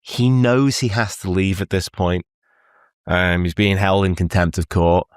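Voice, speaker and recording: Deep-voiced man commenting casually. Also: steady tone, unhurried, smooth, no echo, clean studio sound. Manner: rambling, laughs often. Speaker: reaction video host. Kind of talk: casual commentary over clips.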